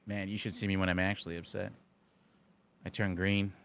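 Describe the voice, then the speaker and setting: Man, live game streamer, casual commentary, dry sarcastic banter, lowish pitch. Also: normal speed, vocal fry, clean tone.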